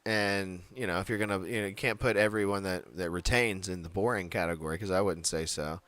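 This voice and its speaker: Low-voiced jokey man, dry sound. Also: fairly quick, a bit bright, dry recording. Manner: rambling, jokey, tries out silly accents. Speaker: podcast co-host. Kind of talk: casual wrestling chat.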